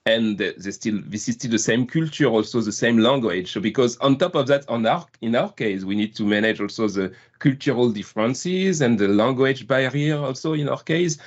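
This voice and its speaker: A man's voice: mid-range voice, animated, moderate pace, few pauses. A man in his forties with a French accent, chatting casually as a guest and laughing at himself often. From France. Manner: chatty, self-deprecating, laughs often, many restarts. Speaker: guest product manager. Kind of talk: casual video-call chat. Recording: dull lo-fi call audio.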